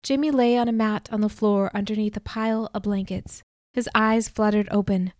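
A woman narrating a first-person audiobook in an even, clear storytelling manner on a close studio mic. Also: mid-range voice, moderate pace, dry recording.

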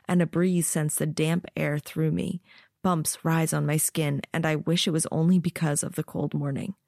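A woman narrating an audiobook and hosting its podcast, reading with steady, expressive storytelling. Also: low-pitched, no room sound, studio quality.

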